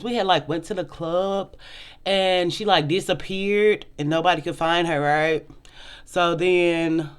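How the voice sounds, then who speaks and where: Blunt, animated woman vlog host. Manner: animated storytelling, voices quotes with big pitch jumps; blunt, profane, conversational. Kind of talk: casual commentary vlog.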